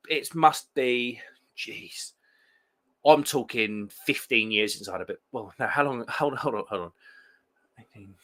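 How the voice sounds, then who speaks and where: A man hosting a live beer stream, chatting loosely with viewers. His voice sits at an ordinary pitch but sounds very bright and forward. He rambles, restarts, and fills gaps with "um". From England. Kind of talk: casual live chat reading viewer comments.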